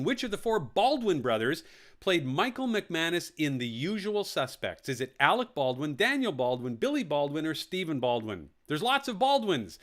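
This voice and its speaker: Man, quiz host, reads multiple-choice options aloud, jokey asides, fairly high voice, very lively pitch. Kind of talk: live online quiz hosting.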